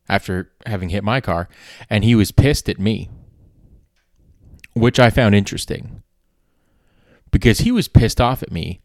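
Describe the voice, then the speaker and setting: A man with a fairly low voice recounts a story on his podcast, rambling, doubling back on himself and dropping swear words for emphasis. The sound is dry and close, with no room around it. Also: dry recording. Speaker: podcast host. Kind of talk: casual storytelling.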